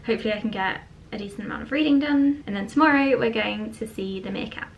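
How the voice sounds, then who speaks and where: A young woman chats through her week in a casual reading vlog. Her voice has a gravelly fry at the ends of phrases. She leans on doubled words for emphasis, with faint noise in the room behind her. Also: a little high, quick pace, low-quality recording. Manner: chatty, says "really" twice for emphasis. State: unwell, a bit out of breath. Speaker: book vlogger.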